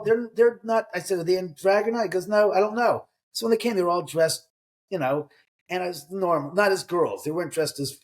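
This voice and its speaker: A middle-aged man, an author and homeowner, telling animated stories in an interview and acting out what people said. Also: on the high side. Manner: lively anecdotal storyteller, acts out dialogue.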